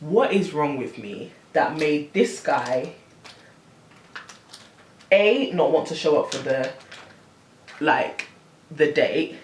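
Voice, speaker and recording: Animated young woman telling a story. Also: lowish voice, recorded from a distance. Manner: animated, exasperated storytelling with slang. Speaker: vlogger. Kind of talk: storytime vlog. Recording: roomy, camera set back.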